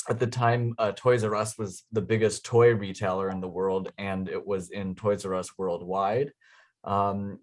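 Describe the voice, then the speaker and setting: A man being interviewed about his inventions, telling stories enthusiastically, laughing often, with many ums and uhs. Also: lowish voice. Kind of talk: casual storytelling.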